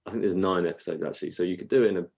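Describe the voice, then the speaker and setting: A man's voice: deep voice, very fast, creaky, darkish tone. A man co-hosting a podcast in casual chat, rambling and laughing as he tells stories. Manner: rambling, laughs while telling stories, slips into silly voices. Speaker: podcast co-host.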